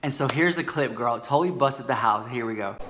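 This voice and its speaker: A man's voice: mid-range voice, fairly quick, noisy background. A man doing a campy, dramatic gossip vlog, sassy and full of "girl" asides. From United States. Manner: sassy, dramatic, calls viewers "girl" constantly. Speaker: comedy vlogger.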